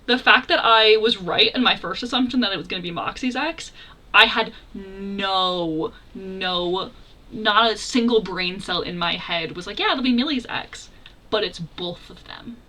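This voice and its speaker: Young woman doing reaction commentary, bright voice, super excitable and exclaiming. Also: medium pitch, a little slow. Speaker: reaction video host.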